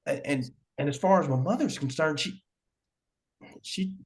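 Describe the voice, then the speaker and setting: A man's voice: on the high side, expressive, brisk. A man playing a troubled young man grieving his mother in a tabletop role-play, stammering and repeating words.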